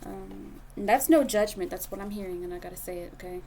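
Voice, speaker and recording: A woman's voice: mid-range voice, fast talker, heavy background noise. Blunt, foul-mouthed woman tarot reader. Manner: blunt and profane, talks straight to the viewer. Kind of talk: casual tarot reading monologue.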